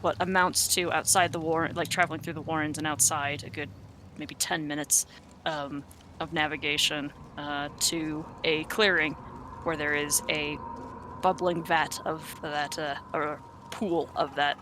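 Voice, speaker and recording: A game master narrating a tabletop role-playing game, pausing often with fillers while describing the scene. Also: medium pitch, level tone, sharp tone, a little hiss or hum. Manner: hesitant, full of fillers.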